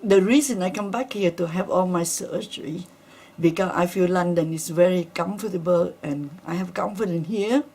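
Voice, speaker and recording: A middle-aged woman gives emotional personal testimony in an interview. Her English is halting and non-native, and her voice is husky and a little breathy. She sounds earnest and shaken. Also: on the low side, warm tone. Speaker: interviewee, attack survivor.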